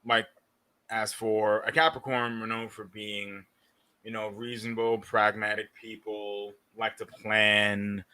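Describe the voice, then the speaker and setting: A man's voice: fairly low pitch, level tone, slow pace, bright, forceful tone, smooth. A young man on a podcast, speaking in a loose, rambling way with a dry sarcastic edge. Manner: loose and rambling, many fillers, dryly sarcastic. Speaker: podcast co-host. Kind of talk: casual podcast chat.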